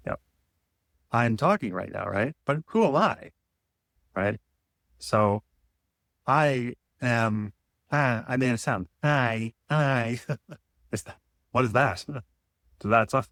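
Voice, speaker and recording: Man, solo vlog monologue, musing and questioning, stops and restarts, playful asides, middle pitch, dry close sound. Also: creaky, a bit bright, no room sound. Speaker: vlogger. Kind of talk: rambling philosophical monologue.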